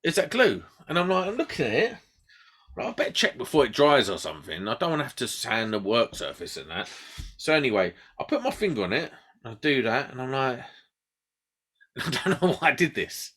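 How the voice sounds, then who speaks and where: British male podcast host; animated storyteller who shouts out quoted lines. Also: medium pitch, fast talker, slightly rough. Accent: British English. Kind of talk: casual chat.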